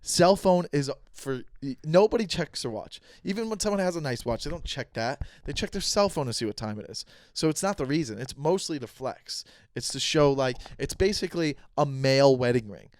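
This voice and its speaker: A man's voice: a little high, lively intonation, fairly quick, hardly any pauses, no room sound, clean studio sound. A young man hosting his own podcast in a loose, chatty, slangy way, talking straight to his listeners. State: out of breath after dancing. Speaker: podcast host. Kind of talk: casual solo podcast talk.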